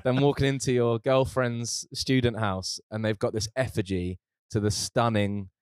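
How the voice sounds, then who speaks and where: A man's voice: mid-range voice, steady tone, moderate pace, clear, resonant tone, dry recording. Young male co-host; teasing, jokey storyteller; dry close sound. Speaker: podcast co-host. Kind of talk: casual chat.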